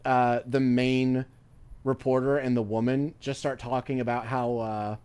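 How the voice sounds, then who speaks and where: A man's voice: medium pitch, flat delivery, a little slow, a little mellow, clean tone. A male streamer chatting casually while gaming, rambling through stories with free swearing. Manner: rambling, swears freely, loose storytelling.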